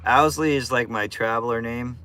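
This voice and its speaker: A man's voice: mid-range voice, fairly even intonation, normal speed, pushed and bright, a little hiss or hum. A man chatting casually to viewers on a live stream in a laid-back, slangy way.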